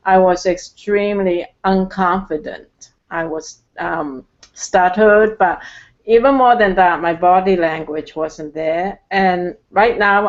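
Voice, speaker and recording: A woman guest from Canada speaking slowly and carefully, with many pauses and fillers. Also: fairly low pitch, lo-fi sound. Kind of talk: casual chat.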